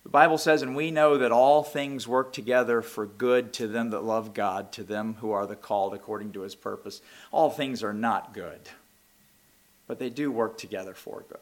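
A man preaching a sermon, reading scripture aloud and rising to loud, impassioned peaks. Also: mid-range voice. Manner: reads scripture aloud in King James wording. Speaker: pastor.

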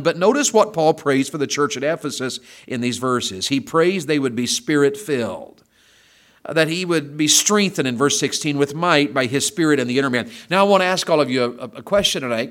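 A man with a Southern American accent preaches a sermon in church, asking his congregation questions and rising into emphatic bursts. His voice is a little high and a bit bright.

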